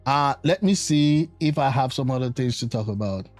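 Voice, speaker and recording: Halting man musing on politics. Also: medium pitch, a little mellow, no echo, faint music behind. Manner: musing, halting, with many restarts. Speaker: political commentator. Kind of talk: casual political commentary.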